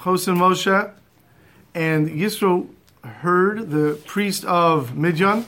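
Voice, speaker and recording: A high-pitched man gives a Torah class, mixing Hebrew and Yiddish terms into his English. He tells a story and acts out its lines. Faint noise sits behind him. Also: drawn-out words, pushed and bright. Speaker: Torah teacher.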